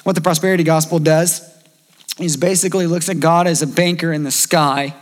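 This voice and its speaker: A man in his thirties preaches a sermon in a relaxed, conversational tone. His voice sits fairly high for a man, and he acts out the figures he quotes. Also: fairly quick. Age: 30s. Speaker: pastor.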